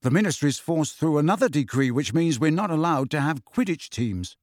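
A man's voice: on the high side, lively intonation, normal speed, darkish tone, no room sound, clean studio sound, lightly acted. A man reading an audiobook, voicing an earnest, indignant teenage boy wizard who speaks urgently.

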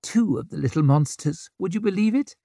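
A man's voice: high-pitched, expressive, fairly quick, creaky, mellow, no room sound, clean studio sound, pitched above the performer's own voice, exaggerated voice. A man voicing a poised, scheming young noblewoman and mother who coos sweetly and talks politics coolly. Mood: bright cooing. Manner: sweet, cooing, then cutting and political.

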